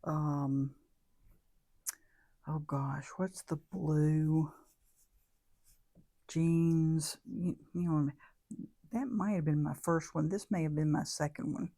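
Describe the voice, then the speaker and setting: Low, gravelly-voiced woman chatting slowly. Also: fairly even intonation, warm tone. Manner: rambling, thinks aloud, self-correcting. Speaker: craft vlogger. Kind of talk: casual crafting demo chat.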